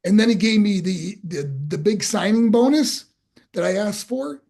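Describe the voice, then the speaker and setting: A man's voice: high-pitched, moderate pace, vocal fry. An older man in his sixties with a crackly voice, telling stories from his career as an interview guest and acting out what people said. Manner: animated storyteller, acts out quotes. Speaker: guest, former pro wrestler. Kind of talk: storytelling interview.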